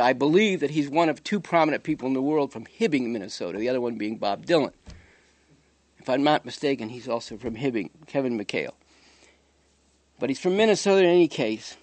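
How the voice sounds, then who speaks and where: A man's voice: a little high, no room sound. A man giving a spoken commentary monologue in a sardonic, digressive storytelling manner.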